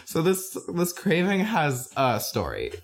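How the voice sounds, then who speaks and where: A woman's voice: sits low, huge pitch swings, a little slow, crowd noise. A woman co-hosting a comedy podcast in casual chat, playful and rambling into absurd bits with frequent laughter. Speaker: podcast co-host.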